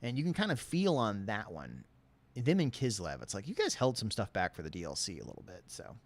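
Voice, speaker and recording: A man with a lisp answering viewer questions in a casual livestream chat, rambling and self-deprecating. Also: a little fast. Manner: animated, swings between low and high tones.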